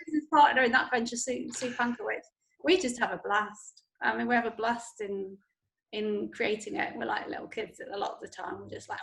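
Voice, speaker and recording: A woman's voice: fairly high pitch, normal speed, gravelly, a bit bright. A woman guest in a casual chat, laughing often and talking with enthusiasm.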